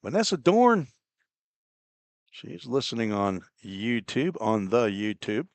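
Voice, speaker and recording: A man doing relaxed, chatty play-by-play commentary on a baseball game, with easygoing asides between pitches. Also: slow, vocal fry, dry recording. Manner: relaxed, chatty, laughs at own slips. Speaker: play-by-play announcer.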